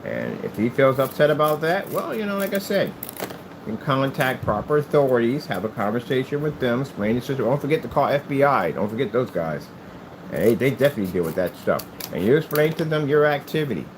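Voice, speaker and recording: Man, vlogger, emphatic and repetitive, animated pitch, faint background noise. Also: a little fast, low-quality recording. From United States. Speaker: hobby crafter and channel owner. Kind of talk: rambling vlog monologue.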